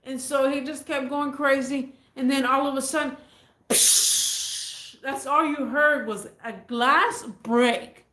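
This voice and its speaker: High-voiced woman rambling through a story. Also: fairly even intonation, a little slow, few pauses, a bit bright, echoey room. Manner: rambling, repeats herself, restarts. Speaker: vlogger. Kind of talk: casual storytime.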